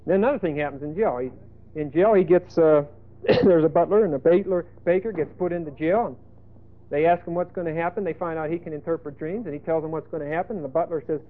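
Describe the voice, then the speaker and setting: A male preacher giving a folksy sermon, emphatic, with sudden loud bursts and asides. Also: a little high, quick pace. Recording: tinny phone-like lo-fi sermon tape.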